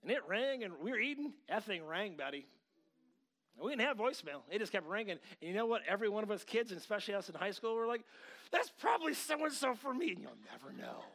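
This sermon comes from a middle-aged man with a high-pitched voice who speaks fast and animatedly. He lurches between loud, pushing outbursts and quiet asides, often slipping into quoted voices while telling a story.

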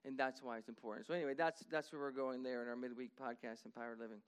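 A middle-aged man preaching a sermon as pastor, talking animatedly and rising to emphatic high points. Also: steady tone, fast, clear, resonant tone.

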